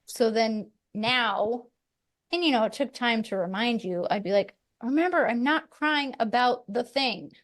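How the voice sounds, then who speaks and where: Chatty woman co-hosting, slightly high voice. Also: unhurried. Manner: chatty, laughs while telling stories. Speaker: podcast co-host. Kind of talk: casual conversational teaching.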